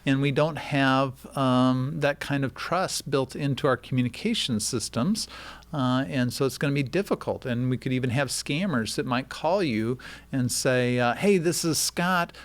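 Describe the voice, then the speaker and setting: A man's voice: mid-range voice, normal speed. A man who lectures, appearing as a guest on a radio interview and explaining technology with frequent uh and um fillers. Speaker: guest expert on deepfakes.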